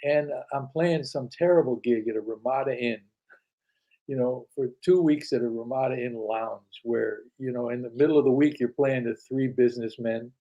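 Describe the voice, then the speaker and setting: A man's voice: mid-range voice, moderate pace, dark tone, lo-fi sound. An older man telling anecdotes as an interview guest, acting out quoted dialogue with frequent restarts. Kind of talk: casual storytelling interview.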